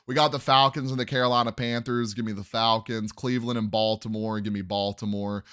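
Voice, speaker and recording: A man's voice: on the low side, little pitch movement, brisk, hardly any pauses, a bit bright, clear, resonant tone, no room sound, clean studio sound. A young man hosting a sports podcast, casually running through game predictions and thinking aloud as he second-guesses his picks.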